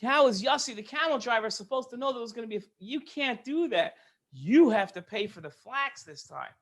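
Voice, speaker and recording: A man's voice: very high-pitched, expressive, fairly quick, a bit bright, exaggerated voice. A man voicing wise male rabbis giving a firm ruling in a dispute. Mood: stern.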